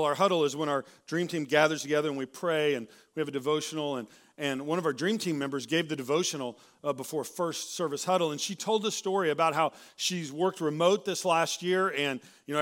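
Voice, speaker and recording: A man preaching a sermon in a casual, conversational way, often tagging "right?" onto his points and restarting sentences, a little hoarse and clearing his throat. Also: a little high, fairly bright tone. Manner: conversational, keeps asking "right?", with many restarts. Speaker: pastor. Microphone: handheld or stage mic.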